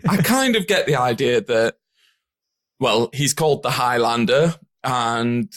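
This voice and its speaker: A man's voice: medium pitch, a little slow. A man hosting a podcast in casual chat, laughing often and swearing freely. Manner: laughing, lively and profane. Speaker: podcast host.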